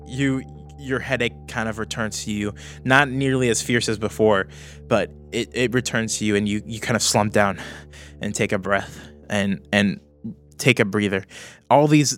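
A man's voice: fairly low pitch, fairly bright tone. A man narrating as game master in a tabletop game, often repeating words as he goes.

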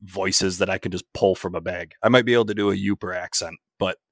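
Chill guy on a podcast, lowish voice, dry sound, pokes fun at himself. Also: fairly even intonation, fast, a bit bright, no echo. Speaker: podcast guest. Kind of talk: casual podcast chat.

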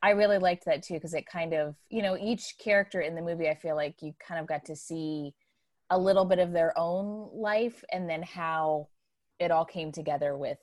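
Halting woman guest on a podcast. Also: fairly low pitch, darkish tone, no echo, clean studio sound. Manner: halting, many fillers and restarts. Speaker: guest actress. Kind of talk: casual podcast conversation.

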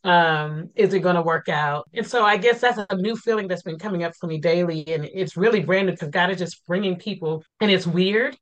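A woman with a lowish voice speaks as a guest therapist on a podcast. She answers thoughtfully and hesitantly, often pausing and restarting her sentences. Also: rough recording. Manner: reflective, hesitant, with many restarts. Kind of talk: conversational interview answers.

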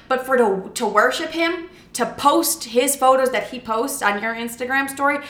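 A woman's voice: sits high, moderate pace, hardly any pauses, fairly bright tone. A young woman talking casually to camera, blunt and playful, swearing freely as she tells stories. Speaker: vlogger. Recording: roomy echo.

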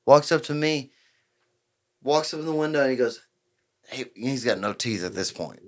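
A man's voice: mid-range voice, a little fast, long pauses. A man, telling a rowdy story on a podcast and acting out the people in it. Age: 20s. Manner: profane, animated storyteller acting out quotes. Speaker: podcast host. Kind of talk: casual storytelling chat.

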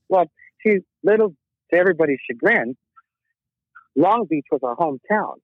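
This middle-aged rock musician guest has a slightly high, husky voice with lively intonation and speaks at a normal speed. He laughs often and acts out quotes while telling stories in a casual interview, recorded over a tinny, dry phone line without room sound.

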